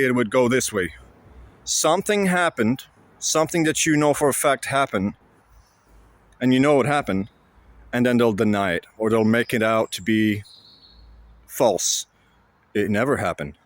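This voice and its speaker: A man talking to camera in a casual explanatory monologue, halting and blunt, with frequent fillers and restarts. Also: mid-range voice, no room sound. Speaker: vlogger.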